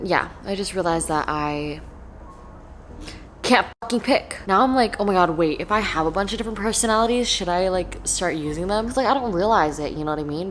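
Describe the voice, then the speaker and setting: A woman's voice: mid-range voice, a little hiss or hum. A nineteen-year-old woman vlogging at home in a casual confessional chat, swearing freely and filling her talk with "like". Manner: chatty, swears freely, heavy "like" filler. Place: her apartment.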